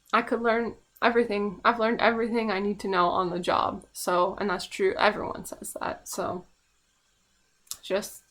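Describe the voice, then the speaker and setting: A young woman from Canada talking in a casual rant to camera, blunt and swearing freely, laughing often and swinging between loud outbursts and quiet musing. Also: medium pitch. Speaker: vlogger.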